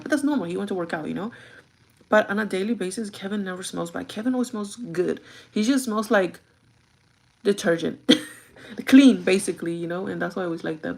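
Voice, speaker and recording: A woman's voice: on the low side, a little mellow. Chatty young woman telling a story. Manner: rambling, chatty storytelling with many fillers; switches languages mid-sentence. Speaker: vlogger. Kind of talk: casual chat.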